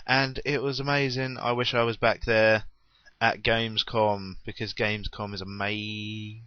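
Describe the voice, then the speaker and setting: A man's voice: on the low side, little pitch movement, normal speed, clear, resonant tone, no room sound, highs cut off. A young man chatting unscripted in a rambling, self-deprecating way on his gaming vlog. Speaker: gaming vlogger.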